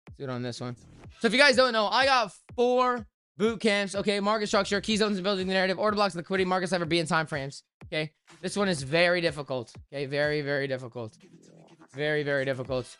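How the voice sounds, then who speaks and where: Bright-voiced tired male trading streamer. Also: high-pitched, fast talker, smooth, no echo, studio quality. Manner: chatty and hyped, talks straight to chat. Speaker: crypto trading livestream host. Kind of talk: casual livestream chat. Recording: music playing faintly behind.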